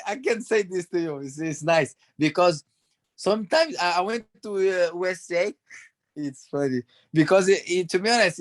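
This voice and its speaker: A man in his thirties from Brazil with a Brazilian Portuguese accent, speaking English haltingly as a podcast interview guest and laughing often. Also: sits high, fairly bright tone. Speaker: guest, former footballer.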